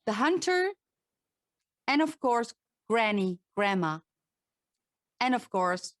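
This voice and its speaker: A woman's voice: on the high side, slow pace, no room sound. Dutch-accented woman coaching on voice, dry sound. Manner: lively, animated, with restarts and self-corrections. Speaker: voice and presentation coach. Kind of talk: presentation talk to an audience.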